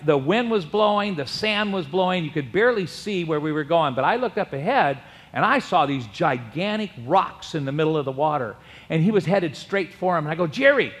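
A middle-aged pastor with a high voice preaches, telling a story from his own life. He builds to loud, emphatic exclamations at the big moments. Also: expressive, fairly quick. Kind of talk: sermon.

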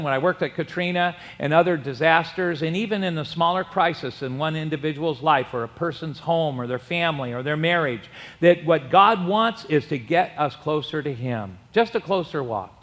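A middle-aged pastor with a high voice preaches, telling a story from his own life. He builds to loud, emphatic exclamations at the big moments. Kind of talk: sermon.

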